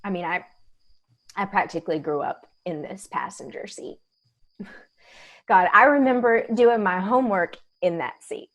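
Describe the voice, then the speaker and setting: A woman's voice: mid-range voice, a bit bright. A weary young tow truck driver, played by a woman who talks in a wry, confiding way. She is worn down but still spirited. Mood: reminiscing. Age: young adult. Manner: wry, confiding, quick to laugh. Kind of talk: audio drama acting.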